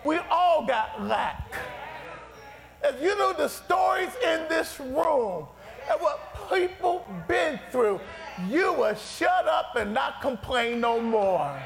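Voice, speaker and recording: A male preacher in a church sanctuary, his voice set unusually high and delivered at a slow, drawn-out pace. He shouts his lines with a gravelly grit in his throat, and the sound rings through a long, reverberant hall over a faint congregation. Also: very animated. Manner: shouted, impassioned preaching with repeated phrases. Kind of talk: fiery sermon.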